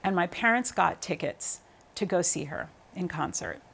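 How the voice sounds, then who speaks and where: Chatty woman telling stories, lowish voice. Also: moderate pace, vocal fry, slight background noise. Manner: animated storytelling with many fillers. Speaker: guest, opera singer. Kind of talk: interview conversation.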